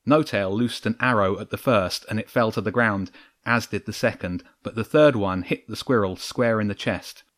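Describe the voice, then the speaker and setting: A man narrating a children's adventure story in a steady, measured reading. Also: on the low side, no room sound, clean studio sound.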